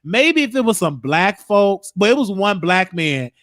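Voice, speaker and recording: A man's voice: high voice, sing-song, unhurried, fairly bright tone, dry recording, studio quality. A man hosting his own show, chatting casually and rambling bluntly between topics, cussing freely. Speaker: show host. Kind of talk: casual livestream chat.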